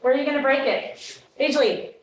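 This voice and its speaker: A woman teacher leading a classroom phonics demonstration with brisk quizzing questions and quick praise. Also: sits high, fairly even intonation. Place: meeting room. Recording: echoey room.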